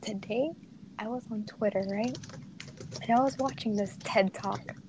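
A woman's voice: a little high, unhurried, background noise. Giggly teen girl telling a story. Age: teens. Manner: giggly, animated storytelling with frequent laughter. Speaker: podcast co-host. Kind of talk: casual chat and storytelling.

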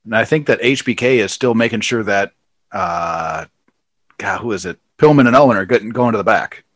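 Man, casual podcast chat, mid-pitched voice, frequent laughs, dry sound. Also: moderate pace, dry recording. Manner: laughing often, acts out quotes in high shouted voices. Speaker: podcast co-host reviewing wrestling.

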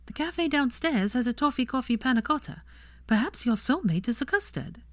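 A woman's voice: high-pitched, lively intonation, no echo, voice pushed up. A woman voicing a bossy, witty young woman who teases and scolds with a dry, sarcastic edge. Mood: bright, teasing. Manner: brisk, teasing, sarcastic.

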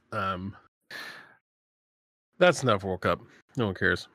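A man in a casual chat, opinionated and quick to laugh. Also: low voice, sharp tone, dry recording, studio quality. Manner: chatty, opinionated, laughs often.

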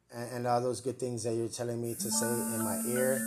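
A man's voice: medium pitch, level tone, brisk, few pauses, music in the background. A man hosting a live comedic podcast, rambling, joking and swearing at himself. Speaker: podcast host. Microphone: earpiece and mic, live stream.

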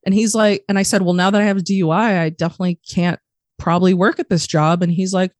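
A young adult woman on a podcast, candidly telling a personal story in a profane, animated way and acting out the voices of the people in it. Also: mid-range voice, fast talker, no room sound, studio quality. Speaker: podcast guest.

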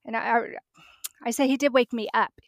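A woman's voice: a little high, fairly even intonation, fairly quick, creaky, dry recording, studio quality. A middle-aged woman, a podcast guest, telling a personal story vividly and acting out the dialogue.

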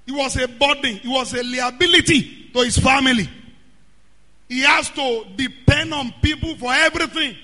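A man preaching a sermon, often shouting and drawing out words. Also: very high voice, moderate pace. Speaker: pastor. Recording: hall reverb.

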